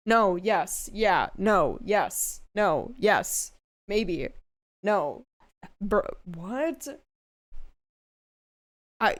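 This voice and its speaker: A woman VTuber chatting casually on a live stream, crude and swearing freely, often breaking into squealing laughter. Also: fairly high pitch. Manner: bursts into loud squealing laughter.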